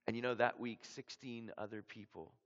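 A man from Canada telling a mission story as a sermon, an animated storyteller who acts out the people in it. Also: on the low side, normal speed. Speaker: missionary preacher. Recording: dull lo-fi sound with long hall reverb.

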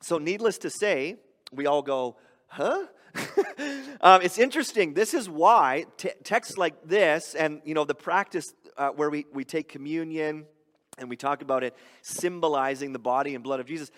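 High-pitched guy preaching, lively and chatty, echoey hall reverb. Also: moderate pace. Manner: animated, conversational preaching with playful grumbling voices. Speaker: pastor. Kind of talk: sermon.

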